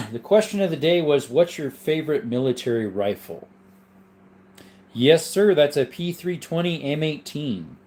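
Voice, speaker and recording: This man's voice is a little high, with lively intonation and an unhurried pace. He hosts a casual livestream, sleepy and yawning as he reads viewer chat and answers in an easygoing, rambling way full of ums and asides.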